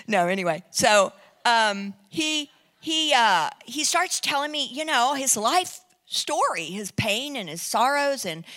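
A woman preacher telling a testimony story as a sermon, animated and laughing, then dropping to hushed tones. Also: fairly high pitch, big-room sound.

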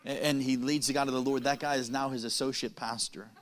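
A man preaching a sermon, telling a story with dramatic pauses and quick, punning asides. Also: mid-range voice, steady tone.

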